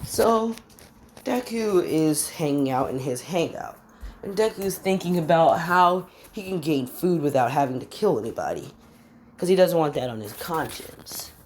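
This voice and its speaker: A woman improvising a fan story out loud, rambling, stopping on fillers and forgetting names as she goes. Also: low voice, animated, a little slow, a little hiss or hum.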